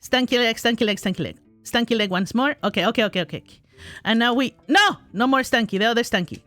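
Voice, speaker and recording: Woman streamer, higher voice, giggly play-by-play, bright tone. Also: fast, no room sound, faint music behind. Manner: giggly, self-talking, exclaims in frustration. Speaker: gaming streamer. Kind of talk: live gameplay commentary.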